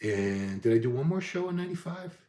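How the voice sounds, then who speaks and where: A man's voice: mid-range voice, big pitch swings, brisk, mellow. A man chatting casually about his bodybuilding past and reading out viewer comments, candid and self-deprecating, often trailing off and restarting. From Boston area. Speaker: bodybuilding vlogger. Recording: echoey room.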